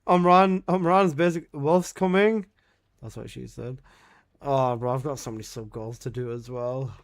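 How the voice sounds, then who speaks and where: A man's voice: mid-range voice, normal speed, vocal fry. A young man streaming live and chatting to his viewers, exclaiming, swearing often and breaking into laughter.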